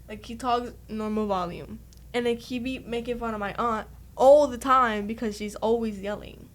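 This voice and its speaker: Woman, highish voice, playful anecdotal group talker. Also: normal speed. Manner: playful family storytelling. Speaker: student or staff member. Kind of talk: casual group chat.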